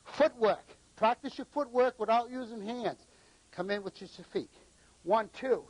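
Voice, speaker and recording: A man's voice: very high-pitched, normal speed, low-quality recording. A middle-aged man from New England, a martial arts instructor who gives short commands and counts out the moves during a live demonstration.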